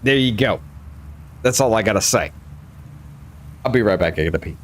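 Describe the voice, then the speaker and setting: A tipsy man in casual conversation, his pitch swinging widely as he argues his point. He talks emphatically and swears freely. A faint hum sits under his voice. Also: lively intonation, normal speed. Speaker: host.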